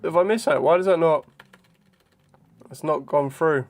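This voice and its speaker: A young man chatting casually on a live stream, thinking out loud in a hesitant way with frequent ums. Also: fairly high pitch, unhurried. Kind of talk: casual live-stream chat during a trivia quiz.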